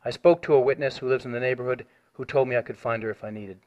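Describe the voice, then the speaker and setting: A man's voice: medium pitch, fairly even intonation, darkish tone. A man on a recorded phone call, formally reading out a written complaint and pressing his point. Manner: measured, formal, reads a written statement.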